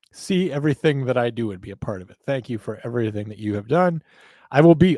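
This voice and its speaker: A man's voice: a little high, dry recording. A tired man hosts a casual livestream from his home office, reading viewer comments aloud. His talk rambles with chatty, self-deprecating asides, and the sound is dry and close with no room ring. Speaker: host.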